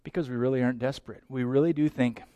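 A man preaching a sermon, swinging from hushed, low passages to loud, urgent ones. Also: fairly even intonation, fast, no room sound, dull audio. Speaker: pastor.

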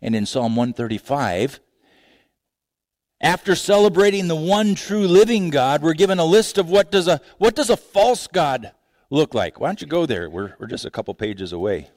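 A man preaching a sermon, expressive, with wide swings between low, quiet passages and raised, emphatic ones, often restarting his phrases. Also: normal speed, dry recording, clean studio sound. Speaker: pastor.

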